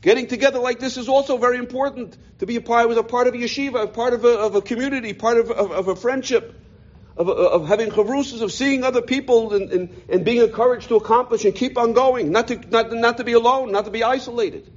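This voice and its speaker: A middle-aged man tells a gathering his life story in a very high voice at a quick pace. He is heartfelt and keeps restarting, repeating words as he hunts for them, and the lo-fi recording sounds dull.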